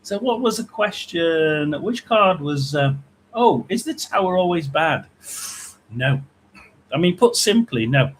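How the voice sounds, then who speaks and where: A man's voice: on the high side, sing-song, unhurried, low-quality recording. Chatty man hosting a livestream. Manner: rambling, chatty, reads out viewer names. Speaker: psychic livestream host. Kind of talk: casual livestream chat.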